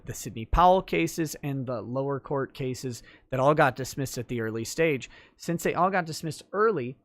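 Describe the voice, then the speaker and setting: A man who is both a lawyer and a livestream talk show host explains legal matters casually, thinking aloud and using fillers. His voice is medium-pitched and the recording is dry.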